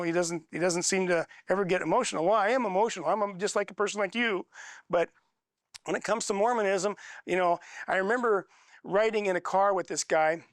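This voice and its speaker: Middle-aged male teacher, folksy storyteller, high pitched, dry close sound. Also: no echo. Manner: folksy, chatty, tells stories with quoted dialogue. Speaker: church teacher leading a training class. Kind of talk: storytelling class talk.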